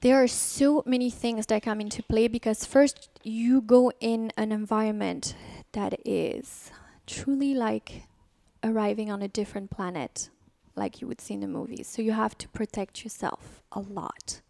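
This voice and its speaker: A woman's voice: fairly high pitch, steady tone, moderate pace, vocal fry, hardly any pauses, dark tone, no room sound. A woman speaking frankly and emotionally as a guest on an interview podcast. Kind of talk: candid interview conversation.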